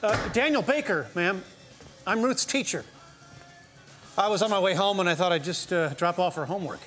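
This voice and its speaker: An actor playing a shy, polite schoolteacher who hesitates and stammers, on a theater stage. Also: male voice, sits high, expressive, normal speed, fairly bright tone, soft background music. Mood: awkward. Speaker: teacher. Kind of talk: stage play acting.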